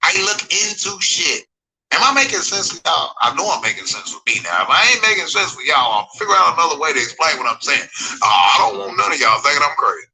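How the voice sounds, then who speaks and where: The voice is a little high, sing-song and quick, pushed and bright with a breathy edge, recorded at low quality. It belongs to a man in his forties giving a rambling livestream monologue, reading viewers' chat, repeating phrases emphatically, digressing, and often asking if they follow him and agree.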